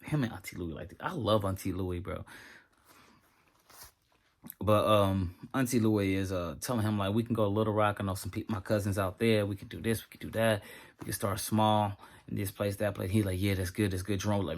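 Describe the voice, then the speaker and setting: A man's voice: on the low side, fairly quick, creaky. Casual man reviewing a TV episode. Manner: animated, talks straight to viewers, scolds his dog.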